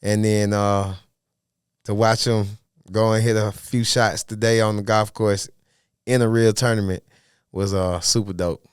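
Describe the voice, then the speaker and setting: A man talking as a podcast guest in a casual interview, animated and full of streetwise slang. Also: fairly low pitch, a little slow, clean tone, dry recording, clean studio sound. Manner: animated, streetwise slang, asks "you know what I mean". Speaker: podcast guest, golf caddie.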